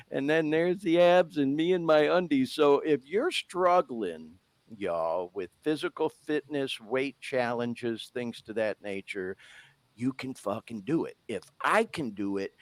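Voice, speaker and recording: A man with a fairly high voice hosts a casual podcast, talking openly and swearing freely. He gets emotional and earnest about his own story. The recording is close and dry. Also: lively intonation, unhurried, no room sound. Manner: candid, profane, emotional. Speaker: podcast host.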